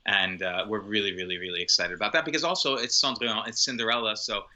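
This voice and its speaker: Man, opera singer being interviewed; lowish voice with a bright, forceful tone, enthusiastic and given to repeating himself. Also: fairly even intonation, fast, rough recording. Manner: enthusiastic, repeats words for emphasis. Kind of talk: conversational interview.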